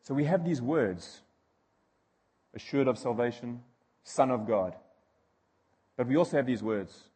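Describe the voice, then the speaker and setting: A man's voice: mid-range voice, animated, moderate pace, long pauses, warm tone, slightly rough, in a large hall. A male preacher delivering a sermon, emphatic and repeating key phrases as he builds intensity.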